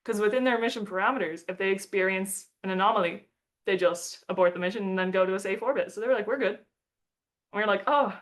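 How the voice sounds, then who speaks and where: A young woman with a mid-pitched voice talks casually about her work. She tells the story in a chatty, loose way. She slips into playful put-on voices to quote people and often breaks into short laughs. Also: fast. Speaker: astronomer giving a talk.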